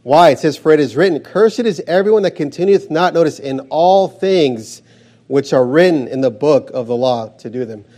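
A man's voice: a little high, expressive, normal speed, dark tone. Emphatic male preacher reading scripture aloud. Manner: repeats "notice" while reading verses aloud, emphatic. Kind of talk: expository sermon reading scripture.

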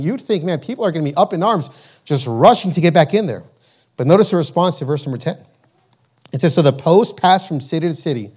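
A man preaching a sermon, emphatic and repetitive, slowing down to read scripture aloud. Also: on the high side, a little mellow, slightly rough.

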